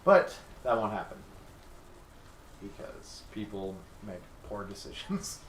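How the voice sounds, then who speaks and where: A young man hosting a casual podcast chat, enthusiastic and rambling, quick to laugh. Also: lowish voice, sing-song. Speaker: podcast host. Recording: echoey room mic from a distance with faint noise.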